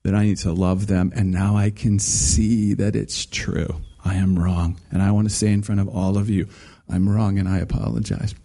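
A man preaching voices a former militant confessing slowly and earnestly in a lowered voice. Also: level tone, gravelly, dark tone. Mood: solemn.

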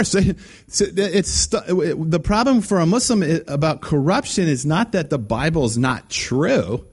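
Animated preacher man, lively pitch. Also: a little slow, breathy edge. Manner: animated, acts out quoted voices, many restarts. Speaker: guest preacher. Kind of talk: conversational sermon.

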